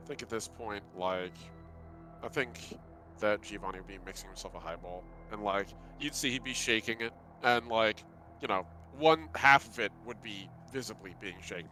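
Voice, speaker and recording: A man running a tabletop game as game master, calmly narrating actions step by step. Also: lowish voice, moderate pace, soft background music.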